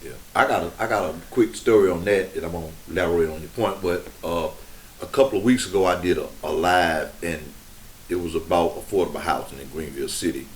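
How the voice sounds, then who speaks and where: A middle-aged man hosting a podcast, telling a story in an unhurried, conversational way with frequent restarts. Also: low voice, slight background noise. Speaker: podcast host.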